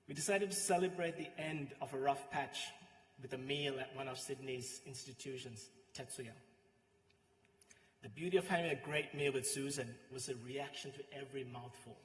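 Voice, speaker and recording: A man with a Sri Lankan accent delivering a eulogy, heartfelt and pausing, his voice trailing softly at the ends of phrases. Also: mid-range voice. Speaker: eulogist, friend and coworker. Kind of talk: eulogy speech with anecdotes. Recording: echoey hall with long reverb.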